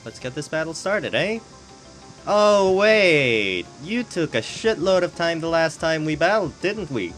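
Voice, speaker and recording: A man's voice: a little high, lively intonation, moderate pace, hardly any pauses, a bit bright, faint music behind. A man giving casual live commentary on online battles, rambling and joking with the odd swear word, at home on a hot day. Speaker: game commentator.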